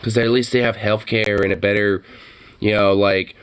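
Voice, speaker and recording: A man hosting a casual reaction chat, ranting profanely and jumping into high mocking voices. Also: flat delivery, normal speed, clean tone.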